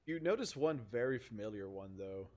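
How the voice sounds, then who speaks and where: A man narrating as game master of a tabletop game, relaxed and chatty with frequent fillers. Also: fairly low pitch, fairly quick.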